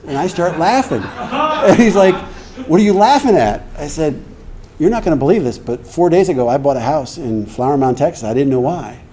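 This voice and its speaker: A middle-aged man shares his recovery story before an audience in a meeting hall, acting out the dialogue and laughing throughout. His voice is medium-pitched and dark-toned, with a little hiss or hum in the recording.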